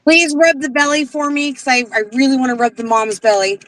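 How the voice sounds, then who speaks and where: A woman's voice: high voice, brisk, a bit bright, no room sound, poor audio. A woman joining a livestream as a guest, chatting in an affectionate, playful way. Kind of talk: casual livestream chat.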